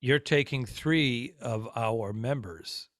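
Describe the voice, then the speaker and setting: A man's voice: medium pitch, slow pace, fairly bright tone, no echo, clean studio sound. A man co-hosting a comedy podcast, teasing his partner and laughing often in casual banter. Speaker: podcast co-host.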